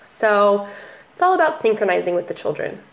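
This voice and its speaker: A young woman, a family photographer chatting casually in a relaxed vlog, with plenty of ums and likes. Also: medium pitch, a little fast, vocal fry. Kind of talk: casual talking-head vlog.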